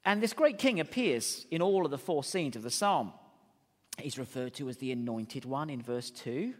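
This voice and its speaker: A man preaching a sermon as pastor, chatty and animated, with wry asides. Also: medium pitch, moderate pace. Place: church hall. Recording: long hall reverb.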